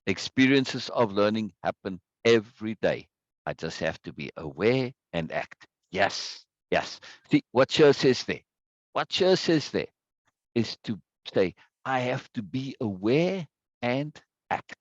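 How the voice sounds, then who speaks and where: A man's voice: fairly low pitch, very animated, a little slow, dry recording, dull audio. A man teaching a live online self-help course, stressing points by repeating words and reading viewers' chat aloud. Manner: greets viewers by name from chat.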